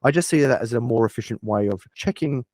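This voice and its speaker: A man's voice: mid-range voice, quick pace, a little mellow, no room sound. A man as an interview guest, explaining ideas eagerly through hypothetical examples in casual chat.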